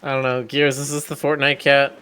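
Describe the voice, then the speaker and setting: A man's voice: mid-range voice, completely flat delivery, normal speed, bright, forceful tone, clean tone. A man in casual, joking chat while streaming a game.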